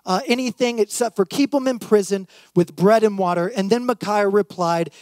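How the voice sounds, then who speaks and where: A man, a youth and worship pastor, preaching a sermon and reading scripture aloud with lively, acted-out emphasis. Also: high voice, normal speed, no room sound.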